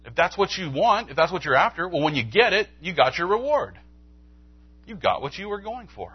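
A man's voice: fairly quick, slightly rough, dry recording, muffled recording. A man preaching a sermon in church, telling a story and acting out its dialogue. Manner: animated storytelling, acts out dialogue with pitch jumps. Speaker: pastor. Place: church sanctuary.

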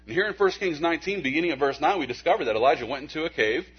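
A man preaching a sermon in a conversational way, with folksy asides, stammered restarts, and a hushed soft delivery when he makes a point. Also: fairly high pitch, animated, very fast, breathy edge. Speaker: pastor. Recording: dull lo-fi recording.

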